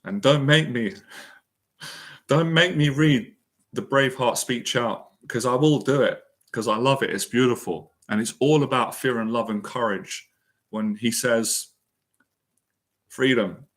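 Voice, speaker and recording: A man's voice: mid-range voice, unhurried. Impassioned man repeating himself for emphasis. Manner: earnest and emotional. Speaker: anxiety and confidence mentor. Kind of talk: motivational monologue.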